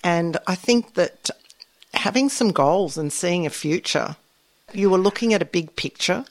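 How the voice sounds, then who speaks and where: A woman's voice: on the low side, lively intonation, unhurried. A woman hosting a community radio interview in a studio, offering encouraging prompts. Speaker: radio show host.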